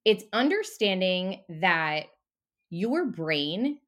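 A woman talking as a mindset coach in a casual podcast interview, animated and a little profane. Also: lowish voice, very slow.

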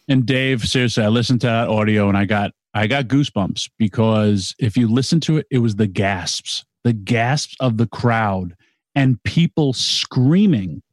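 Excited male wrestling podcast host. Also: on the low side, unhurried, no room sound, studio quality. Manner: enthusiastic, rambling with restarts. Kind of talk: casual chat.

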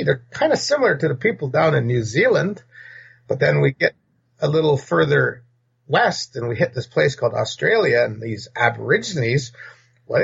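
A North American man with a gravelly, rough, husky voice of medium pitch talks as a podcast guest, bluntly rambling and jumping from point to point in casual, opinionated talk. The lo-fi recording sounds dull.

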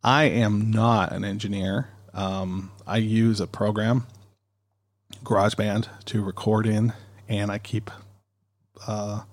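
A man's voice: fairly low pitch, little pitch movement, slow pace. A man hosting a podcast, rambling and chatty in a casual monologue, recorded on a studio dynamic mic. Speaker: podcast host.

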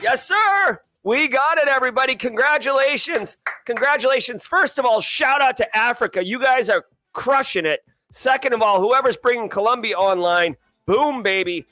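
A man hosts a live stream with a high, bright voice and nonstop hype. He shouts out viewers in a sing-song lilt. Faint music plays behind him. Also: normal speed, dry recording. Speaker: host of a daily cybersecurity news livestream. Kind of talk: energetic livestream chat with viewers.

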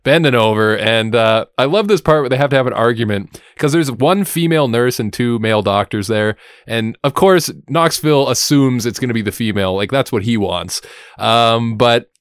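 A man with a smooth, resonant voice at middle pitch, recapping a scene with wry amusement in a casual podcast. The sound is dry and close. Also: moderate pace, dry recording. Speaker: podcast co-host. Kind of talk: casual chat recapping a show.

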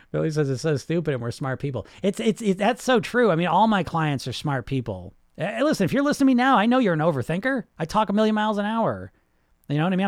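A man hosting a podcast as a weight-loss hypnotist, giving a blunt, profane, rapid-fire motivational monologue. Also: a little high, no room sound, studio quality.

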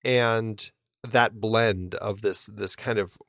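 A man's voice: on the low side, steady tone, slow pace, fairly bright tone, dry recording, clean studio sound. A man co-hosting a podcast, chatting casually and enthusiastically with plenty of fillers and restarts. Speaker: podcast co-host. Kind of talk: casual chat.

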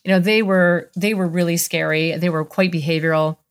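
Speaking briskly and smoothly in a low, steady voice, a woman in her fifties shares a career story as a podcast's guest expert. The interview storytelling comes across as earnest and heartfelt.

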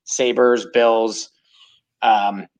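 A man's voice: mid-range voice, flat delivery, extremely slow. A man from New York State, a fan club chapter president, chatting as a podcast guest and telling long, rambling stories full of "like". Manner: rambling storyteller, heavy use of "like". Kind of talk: casual podcast chat.

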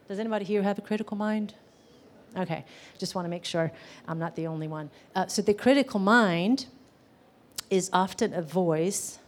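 Woman therapist teaching a live class, lowish voice, chatty, asks the room questions. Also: darkish tone. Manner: conversational, questions to the audience, many "um"s and "right?".

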